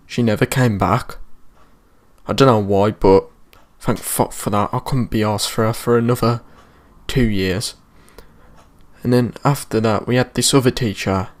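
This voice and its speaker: A man's voice: medium pitch, a little mellow. Sweary British young man telling a story. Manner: sweary, slangy retelling. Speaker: vlogger. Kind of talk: casual story time.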